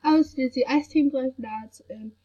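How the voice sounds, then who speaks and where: A sick woman with a headache chatting to camera in a soft, rambling way with many fillers. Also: sits high, moderate pace, husky. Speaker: vlogger. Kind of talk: casual chat to camera. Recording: dull lo-fi recording.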